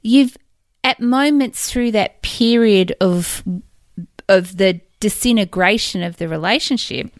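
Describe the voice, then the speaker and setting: Animated woman, dry close sound. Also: fairly high pitch, dry recording. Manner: animated storytelling, addresses the listener directly. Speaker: divorce coach. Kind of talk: motivational talk.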